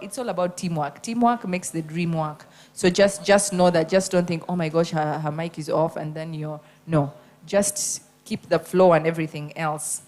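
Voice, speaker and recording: An animated woman gives feedback as a judge at a radio contest. Her voice sits a little low, and she leans hard on her main points and repeats them. She speaks like an experienced radio host coaching newcomers. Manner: animated, emphatic, repeats key points, acts out examples.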